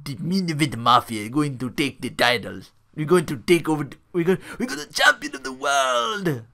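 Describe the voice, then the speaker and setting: A man putting on a loud, blustering male wrestler with a mock accent, boasting and making threats. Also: very high voice, takes it slowly, vocal fry, voice pushed up, exaggerated voice. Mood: taunting.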